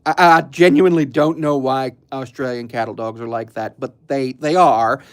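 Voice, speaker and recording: A young man chatting casually on a live stream, rambling and laid-back, with frequent ums and soft chuckles. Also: mid-range voice, steady tone, normal speed, clean tone.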